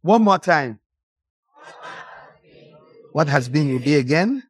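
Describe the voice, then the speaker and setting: A preacher giving a passionate, scolding sermon, rising now and then into sudden shouted bursts. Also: mid-range voice, lively intonation, slow, slightly rough.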